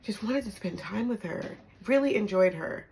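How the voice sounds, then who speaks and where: A woman's voice: mid-range voice, expressive, moderate pace, gravelly, a little mellow, a little hiss or hum, low-quality recording. Woman telling a raw personal story. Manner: emphatic, punctuates with "okay?" and laughs. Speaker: storytime vlogger.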